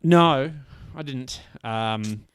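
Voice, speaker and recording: A man's voice: medium pitch, drawn-out words, smooth, no room sound. A man co-hosting a casual music podcast, joking and rambling with self-deprecating asides. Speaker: podcast co-host. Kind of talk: casual chat.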